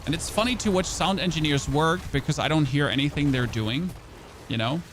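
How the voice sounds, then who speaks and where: A man's voice: fairly high pitch, brisk, background noise. A man whose first language is German, chatting loosely with his stream audience as a game streamer, rambling and poking fun at himself. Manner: rambling, chatty, self-mocking, with restarts. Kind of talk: casual chat with live chat.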